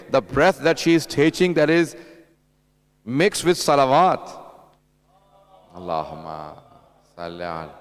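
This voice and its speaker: A man whose clean voice sits on the high side speaks to the audience directly in a conversational sermon. As a religious lecturer at a mourning gathering, he tells anecdotes and acts out what people said.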